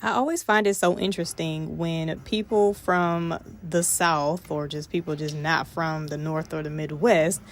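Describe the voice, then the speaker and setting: A woman's voice: low voice, fairly even intonation, a little slow, hardly any pauses. A woman with a Detroit accent, chatting playfully and directly to her viewers in a casual mom vlog. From Detroit, USA. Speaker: mom vlogger.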